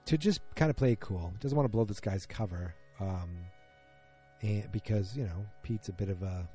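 A man with a mellow, relaxed tone talks through a show recap like he's chatting with friends. He wanders, doubles back, and fills gaps with ums and you-knows, while faint music sits quietly underneath. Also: fairly low pitch, normal speed. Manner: rambling, chatty, many fillers and restarts. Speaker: podcast host. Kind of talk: casual episode recap.

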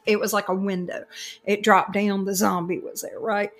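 A woman with a Southern US accent telling a long, animated story in casual chat as a podcast co-host, full of fillers and frequent laughter. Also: mid-range voice, moderate pace, faint music behind.

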